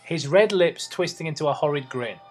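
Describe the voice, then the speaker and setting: A man's voice: on the high side, expressive, a little fast, faint music behind. Man reading aloud sarcastically. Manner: reads aloud, stumbles, sarcastic asides. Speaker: reader and host. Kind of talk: comedic reading with banter.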